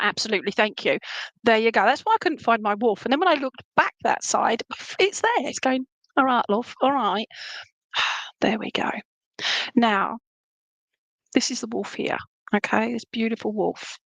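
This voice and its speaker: A woman's voice: on the high side, moderate pace, creaky, long pauses, no room sound, poor audio. A woman giving a live psychic reading to one viewer, rambling and affectionate, often stopping to ask whether what she says makes sense. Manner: warm endearments, rambling, frequent "would that make sense?" check-ins.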